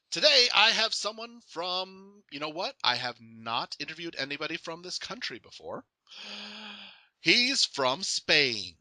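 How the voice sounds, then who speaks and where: A man's voice: on the high side, pushed and bright, dry recording. A young man hosting a casual interview, joking and laughing often. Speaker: podcast host.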